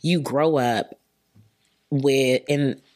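A woman's voice: a bass voice, drawn-out words. A young woman from Texas, a podcast guest telling candid personal stories in casual chat, often laughing as she talks. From Texas, US South. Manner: candid, animated, laughs through her stories.

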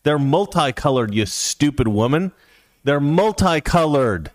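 A man's voice: a little high, lively intonation, a little slow, no room sound, clean studio sound. A man hosting a casual livestream commentary show, talking in a sarcastic, ranting way. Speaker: host.

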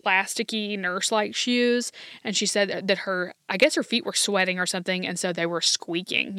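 A woman hosting a podcast, telling a history story in a chatty, quick way, often saying "like" and "kinda". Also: medium pitch, fairly bright tone, dry recording, studio quality. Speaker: podcast host. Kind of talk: casual podcast narration.

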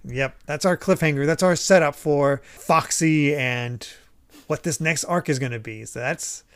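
Podcast host, man, slightly higher voice, animated casual storytelling. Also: a little slow, smooth. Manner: animated retelling with frequent laughs and acted quotes. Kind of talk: casual chat recapping manga chapters.

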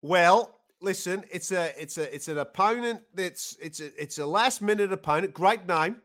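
A man's voice: high voice, normal speed, a bit bright. Matey fight matchmaker with a mock Aussie drawl, as a man jokes. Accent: put-on Australian. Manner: matey, easygoing. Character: laid-back male fight matchmaker, mock Australian.

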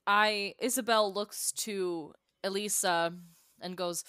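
A woman playing a tabletop game, unhurried and a bit hesitant. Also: lowish voice, steady tone, pushed and bright, clean tone, dry recording, clean studio sound. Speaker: player. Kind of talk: tabletop role-play chat.

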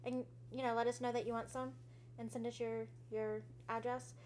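A woman hosting a podcast in a casual chat, bubbly, giggly and easily excited. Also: a little high, normal speed. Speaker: podcast host.

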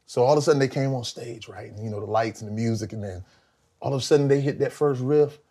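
A middle-aged man from South Carolina, a guest telling lively stories in a casual interview, acting out quotes with big jumps in his voice. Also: fast talker. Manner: animated storyteller, acts out quotes with big pitch jumps. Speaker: guest, former band vocalist.

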